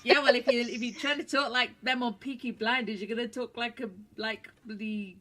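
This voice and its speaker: A teasing British woman co-hosting a relaxed radio chat. Her voice sits slightly high, and a crowd can be heard clearly behind her. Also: normal speed. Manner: teasing and playful. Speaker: radio co-host.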